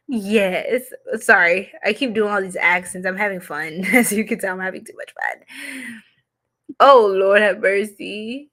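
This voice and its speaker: Slow-talking playful woman. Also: mid-range voice, a bit bright. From New York. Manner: playful and giggly, laughs often. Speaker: psychic reader, livestream host. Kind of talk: casual livestream chat.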